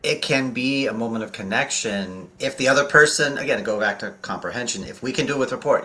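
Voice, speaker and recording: A man guesting on a live talk show with a bright, forward voice. He talks fast and excitedly, then pulls back and slows right down to make a point. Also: mid-range voice. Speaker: men's consultant guest.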